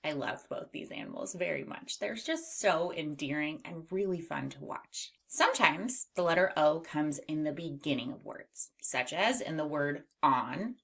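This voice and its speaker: A woman teaching a children's phonics lesson, slowly stretching out and modeling each sound. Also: deep voice, expressive, gravelly, a bit bright, slightly rough. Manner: slow, exaggerated sound modeling.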